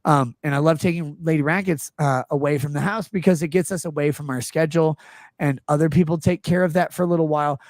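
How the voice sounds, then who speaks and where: A man's voice: a little high, steady tone, fast talker, no room sound, clean studio sound. A man in his thirties hosting a casual live-stream chat, earnestly and defensively explaining himself at length. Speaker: show host.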